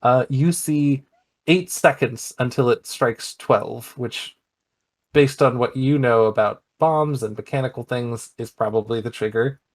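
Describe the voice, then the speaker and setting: Guy running a tabletop game, middle pitch, lots of uh and um while he describes stuff. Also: a little slow. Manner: hesitant narration with many fillers. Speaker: game master.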